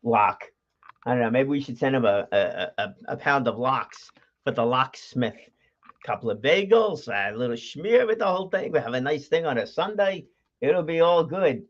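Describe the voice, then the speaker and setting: A man's voice: medium pitch, expressive, normal speed. Casting chatty New guy hosting a home livestream, loose and rambling, muffled lo-fi sound. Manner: chatty, laughs often, many fillers and restarts. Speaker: host of a livestream show. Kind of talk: casual rambling livestream chat. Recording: dull lo-fi stream audio.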